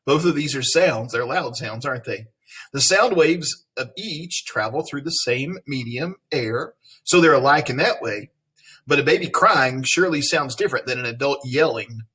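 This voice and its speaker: Male teacher, husky tone, reads a lesson text aloud with playful asides to the class. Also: mid-range voice, lively intonation, moderate pace, sharp tone. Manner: friendly, playful asides to students.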